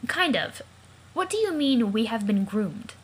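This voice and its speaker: A woman's voice: a little high, very animated, a little slow, slightly rough, exaggerated voice. A woman voicing a cheerful, curious teenage girl, for a let's play of a comic.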